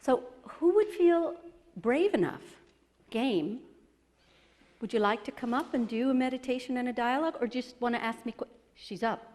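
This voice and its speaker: A woman's voice: fairly high pitch, expressive, darkish tone, some chatter behind, slight background noise. A middle-aged woman, a relationship therapist, giving a motivational talk at an expo, telling emotional personal stories with self-deprecating humor and leading a guided meditation. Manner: leads a guided meditation in a slow, soothing voice. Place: large expo hall. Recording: long reverb in a large hall.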